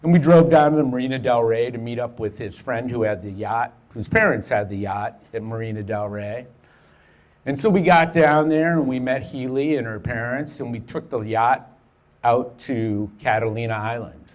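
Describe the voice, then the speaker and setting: Middle-aged male storyteller, mid-pitched voice, casual and profane, acts out the quotes. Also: steady tone, moderate pace. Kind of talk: personal storytelling.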